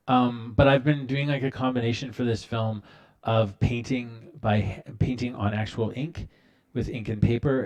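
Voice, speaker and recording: A man with a fairly low voice walks viewers through his work on a live stream. He talks in a loose, relaxed way, full of ums and restarts, as he clicks through files on his computer. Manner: relaxed, rambling, many fillers and restarts. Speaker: animator hosting a live stream. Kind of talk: casual live-stream tutorial.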